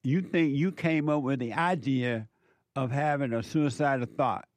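A man giving an impassioned spiritual monologue, emphatic and repetitive, slowing down to stress his points. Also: mid-range voice, darkish tone, no room sound. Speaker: speaker preaching about the devil.

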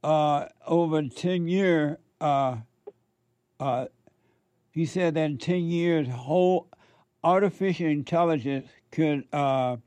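A man's voice: fairly high pitch, slow, darkish tone, clean tone, dry recording. A man hosting a call-in radio show, blunt and direct with his callers. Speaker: radio talk show host.

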